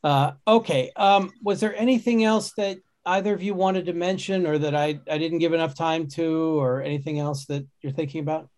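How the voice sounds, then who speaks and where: A man's voice: on the high side, steady tone, normal speed, hardly any pauses, a little mellow. A man hosting a casual podcast conversation, talking in a rambling way with many restarts and fillers. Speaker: podcast host.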